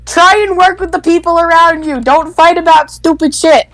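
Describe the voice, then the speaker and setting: A woman's voice: very high voice, fairly even intonation, moderate pace, a bit bright, no echo, low-quality recording. A young woman streamer chatting casually while playing a building game, blunt and joking, swearing freely. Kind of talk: casual gaming chat.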